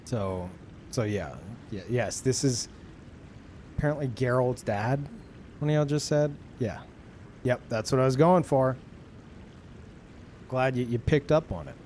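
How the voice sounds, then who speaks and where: A man's voice: medium pitch, unhurried, long pauses, darkish tone. Chill young guy streaming a game, rambles and swears at chat, faint hum behind. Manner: laid-back, profane and rambling. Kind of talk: casual chat with stream viewers while gaming.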